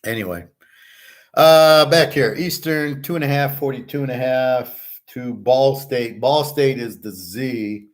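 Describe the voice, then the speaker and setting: A man's voice: mid-range voice, a little slow. A man hosting a sports-betting show, talking through his picks in a blunt, rambling, profane way. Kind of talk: casual betting picks talk.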